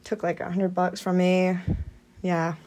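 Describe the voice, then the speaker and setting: A woman's voice: lowish voice, flat delivery, unhurried, darkish tone, a little hiss or hum. Giggly laid-back woman, podcast guest. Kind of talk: casual chat.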